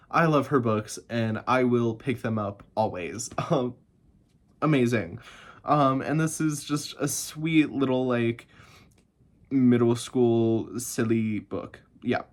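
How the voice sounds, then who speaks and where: A man chatting casually about books he loved, gushing and excitable, laughing and swearing a lot, and a bit tired. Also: medium pitch. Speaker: book reviewer. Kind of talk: casual chat.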